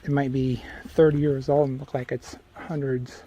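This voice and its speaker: The clip is a casual travel vlog shot on a handheld phone camera by a middle-aged man who hosts the channel; he walks a city sidewalk, then ends up in a small car, chatting with many fillers and jokes. His mid-range, dark voice barely moves in pitch and runs at normal speed. Quality is low, with a little hiss or hum.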